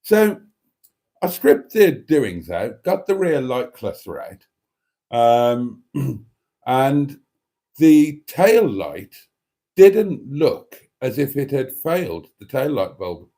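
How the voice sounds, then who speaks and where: A man's voice: medium pitch, very animated, takes it slowly, dark tone. A man hosting a casual live stream, reading chat messages aloud and chatting in a self-deprecating way. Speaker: livestream host reading chat.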